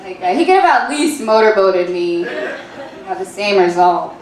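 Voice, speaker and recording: A woman in her late twenties doing stand-up, with a halting, filler-heavy deadpan delivery. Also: mid-range voice, crowd noise. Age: 20s. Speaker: stand-up comedian. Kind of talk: stand-up comedy set. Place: comedy club stage. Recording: echoey club room.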